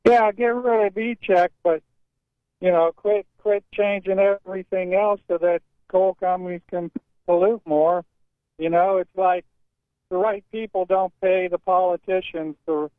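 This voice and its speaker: A man hosts a call-in radio show and talks in a blunt, grumbling way. His voice sits fairly high. The sound is thin and phone-like with no room echo. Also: steady tone, measured pace.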